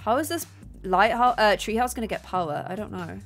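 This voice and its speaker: A young woman streaming a building game, chatting casually and excitedly thanking her viewers. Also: medium pitch, a little fast. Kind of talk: casual gameplay livestream chat. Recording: faint music behind.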